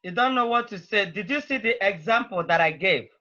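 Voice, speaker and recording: A woman's voice: mid-range voice, animated, a little fast, bright, forceful tone, muffled recording. A woman teaching a language class over a video call, speaking. She prods students patiently and repeats her phrases.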